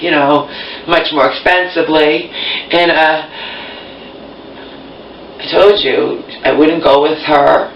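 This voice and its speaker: A woman's voice: low voice, a little hiss or hum. A woman vlogger venting in a rambling monologue, sarcastic and agitated, swearing often. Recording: roomy, distant, muffled home recording.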